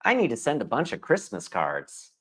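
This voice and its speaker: A man's voice: medium pitch, wildly swooping pitch, normal speed, a bit bright, husky, heavily acted. A man reading the part of a polite post office customer in a practice dialogue, in a plain, polite way.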